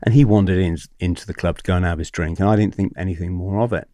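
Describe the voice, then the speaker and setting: A man's voice: low-pitched, fairly even intonation, quick pace, mellow, no echo, clean studio sound. A man in his forties telling a story as a podcast guest, acting out what other people said, swearing and laughing often.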